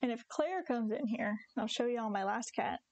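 A woman's voice: a little high, normal speed, darkish tone, dry recording. A young woman streaming a farming game, chatting casually and giggly with her viewers and her cats. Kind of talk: casual live-stream chat.

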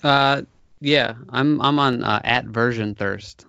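A man's voice: mid-range voice, takes it slowly, vocal fry, bright, forceful tone, clean tone, dry recording. A man co-hosting a podcast, chatting casually in a hesitant way with many fillers. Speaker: podcast co-host. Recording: dull dry lo-fi sound.

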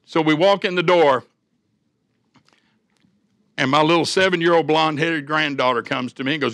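A man's voice: fairly high pitch, fairly even intonation, moderate pace, pauses often, fairly bright tone, no echo, studio quality. An older man, preaching a sermon as a church elder, with folksy storytelling and homespun humor.

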